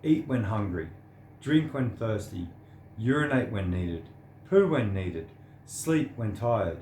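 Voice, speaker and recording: A man's voice: lowish voice, big pitch swings, slow, darkish tone, reverberant, a little hiss or hum. An earnest, sincere man, giving a preachy personal monologue to the camera. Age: 30s. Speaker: vlogger.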